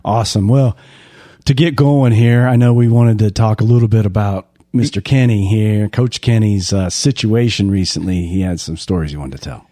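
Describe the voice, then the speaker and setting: Mellow low-voiced podcast host. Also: male voice, moderate pace, no echo, clean studio sound. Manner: relaxed, laughs often, short reactions. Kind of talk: casual podcast hosting.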